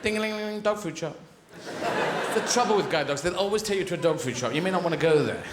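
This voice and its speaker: A man's voice: fairly high pitch, lively intonation, very fast, heavy background noise. A man doing live stand-up comedy on a theatre stage, rambling and whimsical as he slips into voices. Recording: echoey live venue, loud audience laughter. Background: audience laughter.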